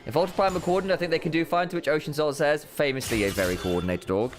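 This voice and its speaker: A man doing jokey, animated play-by-play commentary on an esports match. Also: a little high, very fast. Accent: put-on casting accent. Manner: animated, jokey, rising excitedly on big plays. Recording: game music behind the commentary.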